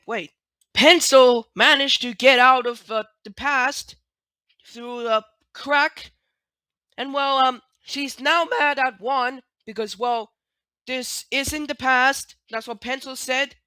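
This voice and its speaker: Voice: high voice, slow, sharp tone, clean tone, dry recording. A speaker casually retelling cartoon scenes in a rambling, hesitant way, full of fillers and restarts.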